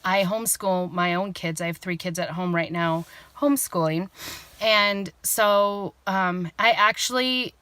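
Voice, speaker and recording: A woman's voice: lowish voice, measured pace, sharp tone, clean tone, no room sound. A middle-aged woman, vlogging from inside her truck, tearful and rambling with many fillers. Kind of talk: casual vlog monologue.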